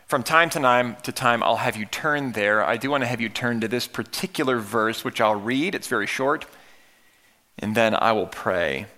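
Man, pastor, sermon, bright clear tone, conversational, deep morning voice. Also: moderate pace. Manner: conversational preaching, occasional restarts.

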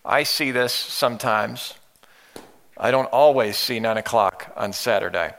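Man, pastor, sermon, bright clear tone, conversational, deep morning voice. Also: unhurried. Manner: conversational preaching, occasional restarts.

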